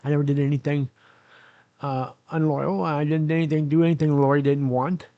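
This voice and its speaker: An older man vlogs from his nursing home room, recording himself on camera as he tells a long personal story, rambling, correcting himself and filling gaps with "uh." His voice is fairly high, warm and level, a little fast; the recording is muffled with no room sound.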